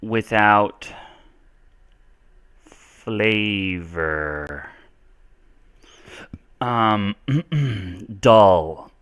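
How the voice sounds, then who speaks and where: A man's voice: lowish voice, animated, extremely slow, pauses often, a bit bright, clear, resonant tone. A man from the United States teaching English in a casual live-stream Q&A, rambling and correcting himself as he talks. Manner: rambling, self-correcting, chatty.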